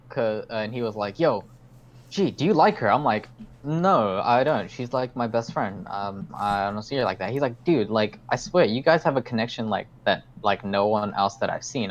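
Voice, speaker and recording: A man's voice: on the low side, dull audio. A young man hosting a podcast, telling a story in casual chat, rambling, swearing a lot and acting out his own lines. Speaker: podcast host.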